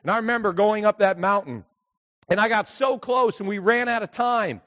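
An older man preaching a sermon from the pulpit. His voice sits fairly high for a man. He tells the story expressively, dropping low and quiet and then rising almost to a shout. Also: normal speed. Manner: storytelling, swings from hushed to shouting. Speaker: pastor.

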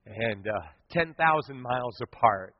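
A middle-aged man preaching a sermon, telling stories and swinging from hushed to loud. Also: mid-range voice, animated, unhurried. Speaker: pastor. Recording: dull sound with long hall reverb.

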